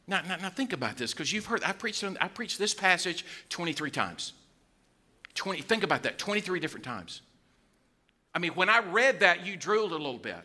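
A male pastor, preaching a sermon with animated storytelling and acted-out quotes. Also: sits high, fairly quick.

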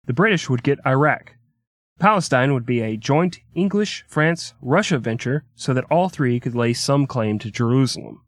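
A man's voice: medium pitch, lively intonation, moderate pace, no echo, studio quality. Crude joking male history podcaster. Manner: crude, joking asides between narration. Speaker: podcast host. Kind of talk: irreverent comedic history narration.

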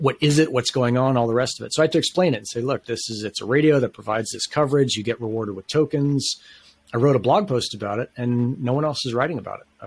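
A man talking as a podcast guest, telling a long story in a casual, enthusiastic, rambling way with plenty of slang. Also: mid-range voice.

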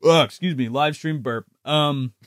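A man rambles through a live podcast chat, swearing freely and circling back on his own sentences. His voice sits a little high for a man. The sound is close and dry, with no room around it. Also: unhurried, a bit bright, dry recording. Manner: loose, profane, rambling with restarts. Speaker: podcast co-host. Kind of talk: casual live-stream chat.

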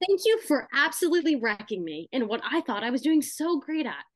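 A young woman on a podcast talks through her thoughts in a loose, chatty way, full of asides and filler words. Her voice sits a bit high, and the recording is dry and close. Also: big pitch swings, a little fast, no room sound. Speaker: podcast co-host. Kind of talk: casual chat.

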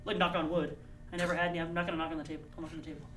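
A man chatting casually, telling lively travel stories with acted-out quotes. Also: fairly high pitch. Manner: fast, animated storytelling with acted-out quotes. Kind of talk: casual chat. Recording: roomy, distant mic with faint ambience.

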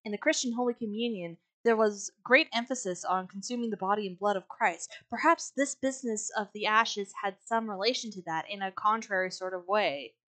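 A woman's voice: medium pitch, brisk, few pauses, fairly bright tone, no echo. A woman co-hosting a podcast, chatting casually and reading quotes aloud in a blunt, sarcastic way, swearing freely. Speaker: podcast co-host.

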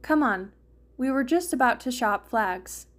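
A woman's voice: on the high side, animated, a little slow. A woman voicing a cheerful, playful young man who hams things up, in a fan fiction reading. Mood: friendly. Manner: upbeat, hamming it up.

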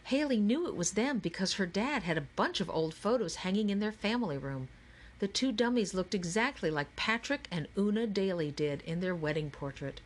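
A woman narrating an audiobook with clear, steady storytelling. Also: mid-range voice, normal speed. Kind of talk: scripted narration.

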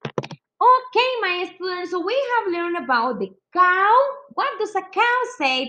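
A woman's voice: very high voice, sing-song, slow, pushed and bright, muffled recording. A woman teaching young children a lesson in an exaggerated, sing-song manner, imitating animal sounds. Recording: clear background noise.

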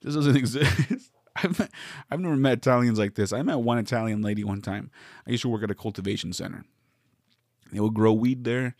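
A man's voice: medium pitch, brisk, a little mellow, no echo, clean studio sound. A man from the West Coast, hosting a solo podcast, riffing through a meandering, wry comedic monologue with many self-interruptions.

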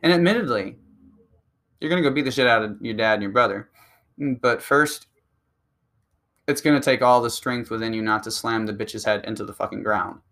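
A man's voice: medium pitch, moderate pace, pauses often, fairly bright tone. A man delivering a profane, combative ranting monologue that speeds up when he gets heated. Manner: crude, combative, and provocative.

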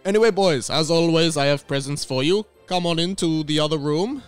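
A man's voice: on the high side, fairly quick, clear, resonant tone, faint music behind, lightly acted. A man voicing a smug, callous old Santa Claus in an improvised comedy sketch. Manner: self-satisfied, dismissive, snaps insults.

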